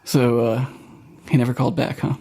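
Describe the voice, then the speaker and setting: A man's voice: medium pitch, flat delivery, a little fast, creaky, mellow, husky. A young man from Florida hosting a podcast in casual chat, rambling and laughing often. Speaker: podcast host.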